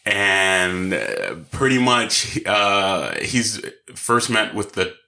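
A man's voice: lowish voice, very animated, drawn-out words, creaky, pushed and bright. A man co-hosting a film podcast in casual chat, full of "like" fillers, sometimes voicing the characters. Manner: chatty, many fillers like "like", jumps into voices. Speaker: podcast co-host.

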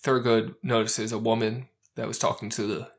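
A man's voice: on the low side, little pitch movement, normal speed. A man co-hosting a casual podcast chat, narrating a movie's plot scene by scene and chuckling. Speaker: podcast co-host.

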